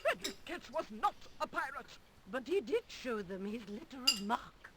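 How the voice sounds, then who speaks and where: A woman's voice: sits high, big pitch swings, moderate pace, background noise. A woman voicing a prim, haughty elderly woman in a video game, speaking with scorn. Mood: indignant. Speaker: game character.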